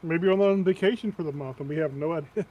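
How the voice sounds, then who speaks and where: A man chatting casually while playing a game with friends, easygoing, mixing short agreements with drawn-out remarks. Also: a little high, highs cut off. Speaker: co-player. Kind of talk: casual gameplay chat.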